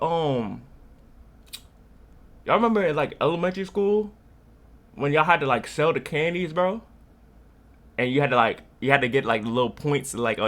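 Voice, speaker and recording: Bright and pushed, with a mid-range pitch, the voice belongs to a young North Carolina reaction streamer. He rambles along in slangy, laid-back commentary, a storyteller who laughs as he goes.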